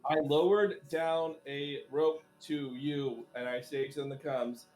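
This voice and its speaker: A man's voice: on the high side, steady tone, slow pace, hardly any pauses, darkish tone, reverberant, soft background music. A man playing a tabletop game, joking around and swearing freely. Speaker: player. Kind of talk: casual tabletop game chat.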